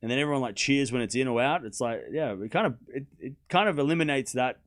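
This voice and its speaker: A young man hosting a live tennis watchalong, chatting excitedly with viewers and calling scores. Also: mid-range voice, fast. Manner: chatty and excitable, laughs often, repeats phrases, calls out live scores. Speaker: livestream tennis watchalong host. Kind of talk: casual live-stream commentary chatting with viewers.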